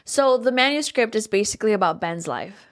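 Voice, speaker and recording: A woman co-hosting a book podcast, her voice sitting at an ordinary middle pitch. She chats in a relaxed, casual way, swears freely, and now and then reads passages out loud. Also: fairly quick. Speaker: podcast co-host.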